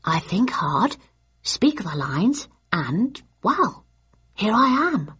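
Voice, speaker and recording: A polite, brisk Japanese woman guide who talks in a raised, husky voice, put on by a woman narrator. She keeps it matter-of-fact and plain. The audiobook sound is dull and lo-fi. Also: medium pitch, very animated, a bit bright, voice pushed up, heavily acted.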